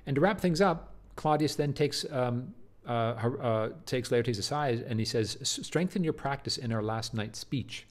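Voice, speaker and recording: A man teaching Shakespeare in a casual spoken lecture, emphatic and often repeating words as he restarts. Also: mid-range voice.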